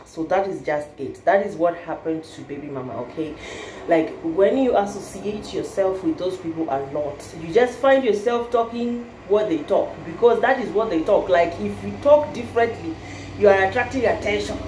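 A woman's voice: lowish voice, animated, moderate pace, darkish tone. A woman from Kenya, vlogging in casual chat, playful and laughing often, mixing in Nigerian Pidgin phrases. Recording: roomy echo with faint background hiss.

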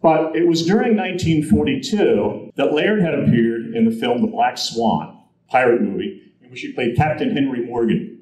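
A man's voice: medium pitch, moderate pace. A man giving an anecdotal presentation at a convention, acting out the quotes in his stories. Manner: animated storyteller, acts out quotes. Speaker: guest speaker. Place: convention hall. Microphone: handheld recorder in audience. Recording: roomy hall audience recording.

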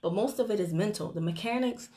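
Livestreaming on her phone, a network marketing team leader delivers a motivational Facebook Live talk, teasing and chatting and bursting into laughs along the way. She speaks quickly in a mid-range voice with a dark tone.

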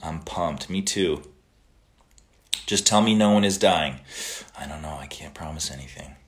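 A man hosting a casual livestream, reading out viewer comments and greetings and answering them in a relaxed way, now and then slipping into Italian phrases. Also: rumbling low, measured pace.

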